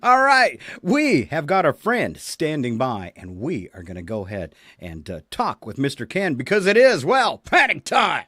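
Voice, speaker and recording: A man's voice: on the high side, huge pitch swings, normal speed, hardly any pauses, a bit bright, no room sound, studio quality. A male radio host chatting casually and teasing his co-hosts. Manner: playful, teasing. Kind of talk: casual chat.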